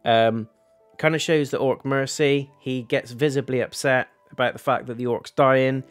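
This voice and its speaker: A man's voice: medium pitch, fairly even intonation, moderate pace, faint music behind. A young man giving a casual, rambling review of a TV episode, talking candidly and swearing now and then.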